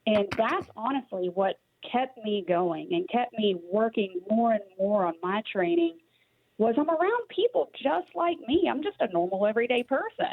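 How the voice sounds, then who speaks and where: A woman's voice: on the high side, very animated, moderate pace, gravelly. Southern woman on a tinny line. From Tennessee. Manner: earnest, with fillers and restarts. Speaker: guest. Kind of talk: casual interview chat. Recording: dry tinny phone-like line.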